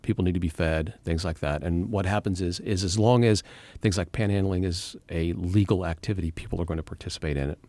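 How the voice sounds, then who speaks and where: A man's voice: sits low, fairly even intonation, brisk, darkish tone, no room sound. A man who leads a Christian charity, talking earnestly in an interview and telling a personal story. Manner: earnest, storytelling, many restarts. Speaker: executive director of a Christian charity. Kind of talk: conversational interview.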